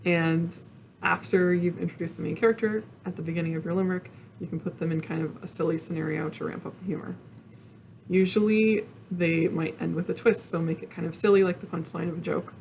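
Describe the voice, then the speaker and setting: A woman's voice: lowish voice, steady tone, fairly quick, vocal fry, a little mellow, slight background noise. A young woman leading a teen poetry workshop, explaining step by step in a friendly, casual way with frequent ums. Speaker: librarian leading a teen program. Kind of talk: casual online workshop talk.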